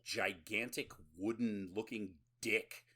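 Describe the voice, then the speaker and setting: A man's voice: fairly low pitch, fairly even intonation, takes it slowly, bright, forceful tone, breathy edge. A man co-hosting a podcast, recapping a horror movie in casual, rambling, profane chat and laughing often. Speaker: podcast co-host.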